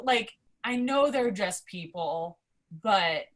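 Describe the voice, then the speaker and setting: A young adult woman, a podcast guest, telling a story in a casual, excitable way, swearing often and filling her talk with "like". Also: mid-range voice, slow pace. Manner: excitable, profane, heavy use of "like".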